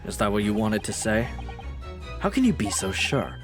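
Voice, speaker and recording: A man voicing a stern young male prosecutor in a lowered, measured, menacing tone. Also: very animated, music in the background. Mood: cold.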